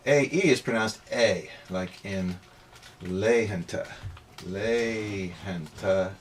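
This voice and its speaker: Bright-voiced male language tutor. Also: medium pitch, a little hiss or hum. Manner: emphatic, repeats sounds slowly for drilling. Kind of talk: pronunciation lesson.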